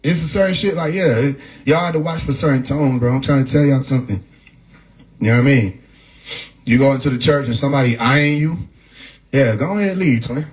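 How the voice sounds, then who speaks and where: A man with a medium-pitched, slightly mellow voice talks fairly quickly on a livestream he hosts. He's laid-back and profane, laughing often, and the low-quality recording comes from a phone mic.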